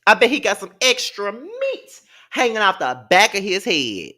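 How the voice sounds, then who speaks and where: Sassy, bright-voiced man ranting. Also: sits high, huge pitch swings, moderate pace. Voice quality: sassy, profane, emphatic. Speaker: commentator. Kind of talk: casual rant commentary.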